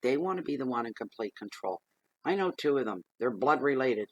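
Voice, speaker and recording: A man's voice: medium pitch, lively intonation, a little fast, dry recording, highs cut off. A man giving a casual tarot reading, chatty and plain-spoken, often repeating himself as he gives direct advice. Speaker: tarot reader.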